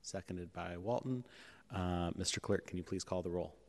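Deep-voiced man chairing a public meeting. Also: normal speed, a little mellow. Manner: procedural, with frequent fillers. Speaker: board chair. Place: city hall legislative chamber. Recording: echoey chamber with long reverb.

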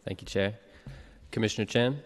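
A male clerk calling the roll and reading procedural announcements in a city hall chamber, even and formal. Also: on the low side, normal speed. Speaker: board clerk. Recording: long reverb of a large chamber.

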